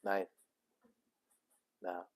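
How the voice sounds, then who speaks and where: A middle-aged man, a sheikh, chatting casually and jokingly with teenagers in a mosque youth program. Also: very slow. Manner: easygoing and joking. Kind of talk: casual chat with teens.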